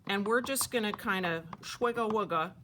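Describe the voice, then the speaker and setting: A woman teaching a craft to children at a camp, talking in a playful, animated, chatty way. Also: mid-range voice, normal speed, noisy background.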